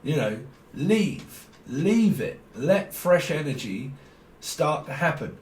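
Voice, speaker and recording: A man's voice: a little high, very animated, slow pace, darkish tone. A man talks in a blunt, rambling way, full of slang and swearing and often breaking into laughter. He sounds like he is in an echoey room. A faint hum of ambience sits underneath. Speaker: tarot reader. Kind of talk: casual monologue to viewers.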